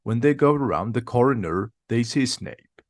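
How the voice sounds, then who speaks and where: Man, easy audiobook narration, steady and plain, mid pitch, dry close recording. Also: dry recording. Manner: slow, plain, steady reading. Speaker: reader.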